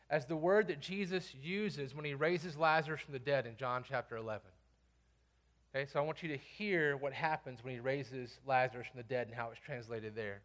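A pastor with a notably high voice for a man delivers a sermon. He reads scripture aloud, drops to near-hushed intensity, then rises sharply into loud, commanding calls. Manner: emphatic preaching, swings from hushed to loud commands.

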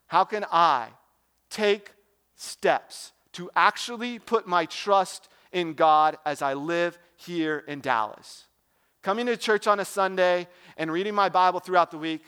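A young man with a notably high voice delivers a relaxed sermon. He talks like he is chatting with friends and keeps checking in with the listeners through questions. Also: smooth. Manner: conversational, asks the audience questions. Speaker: preacher. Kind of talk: casual sermon.

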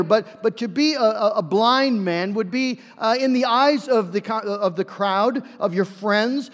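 A man pastor preaching a sermon, telling the story earnestly and acting out its voices. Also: sits high. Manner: earnest storytelling with acted-out quotes. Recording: long hall reverb.

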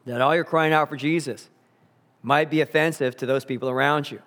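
A man's voice: fairly high pitch, fairly even intonation, a bit bright. Earnest preaching man in a reverberant hall. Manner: earnest, emphatic preaching with slowed repeated phrases. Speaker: pastor. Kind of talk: sermon.

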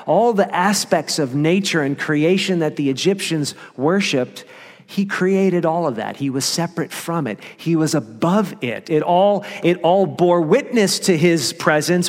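A man preaching a sermon with emphasis. He slows down and drops low on key phrases. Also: lively intonation, big-room sound. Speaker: pastor.

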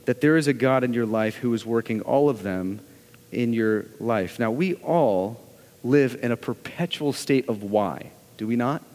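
A man's voice: medium pitch, expressive, unhurried, darkish tone. Earnest male preacher in a reverberant hall. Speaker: pastor. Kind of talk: sermon.

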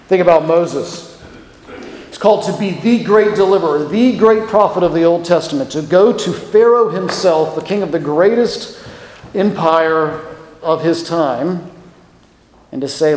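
A man preaching a sermon, lively and acting out the voices in the passage he reads. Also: a little high, measured pace. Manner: animated, acts out the voices of the passage. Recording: echoey hall with long reverb.

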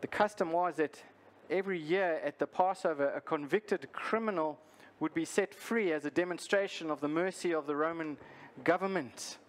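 A male pastor preaching a sermon, earnest and deliberate, repeating his key lines for emphasis. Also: a little high.

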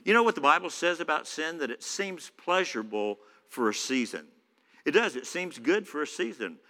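A man's voice: fairly high pitch, big pitch swings, moderate pace, sharp tone. A man preaching a sermon in a church, conversational, with many fillers. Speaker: pastor. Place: church hall. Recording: echoey church hall.

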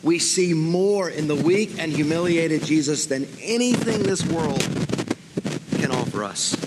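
A man's voice: a little high, lively intonation, unhurried, very noisy. A man preaching a sermon as pastor, earnest and full of rhetorical questions. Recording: long hall reverb.

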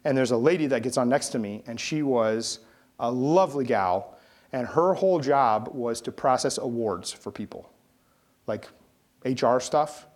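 A man's voice: medium pitch, unhurried, darkish tone. A man preaching a sermon, telling a story with acted-out quotes and sound effects. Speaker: pastor.

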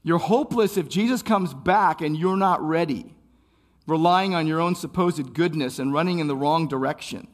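High-voiced impassioned male preacher. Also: moderate pace. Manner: impassioned, repeats and builds phrases. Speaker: pastor. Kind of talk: sermon.

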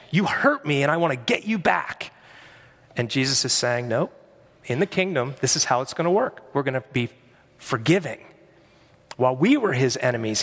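Emphatic preacher in a reverberant hall. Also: male voice, fairly high pitch, a bit bright. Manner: earnest, emphatic preaching with repeated phrases. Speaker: pastor. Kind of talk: sermon.

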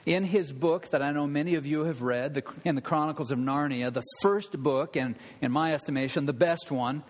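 A male pastor preaching a sermon, conversational and animated, sometimes dropping to quiet emphasis. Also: a little high, fairly quick. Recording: long reverb of a church hall.

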